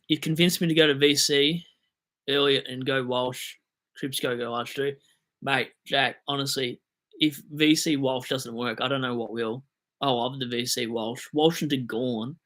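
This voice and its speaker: A young Australian man hosting a casual livestream, reading out viewer comments and answering them with rambling, self-mocking jokes. His voice is bright and forward, with a middle pitch.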